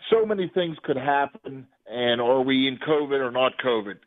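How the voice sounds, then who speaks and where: A man's voice: mid-range voice, lively intonation, moderate pace. Insistent male caller over a phone line. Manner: insistent, keeps saying hear me out.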